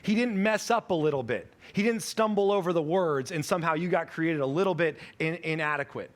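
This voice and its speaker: A man in his thirties gives a sermon from the pulpit in a casual, storytelling way. His voice sits a little high for a man. He stumbles and restarts lines easily. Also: fairly quick. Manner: conversational storytelling, self-correcting. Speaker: pastor.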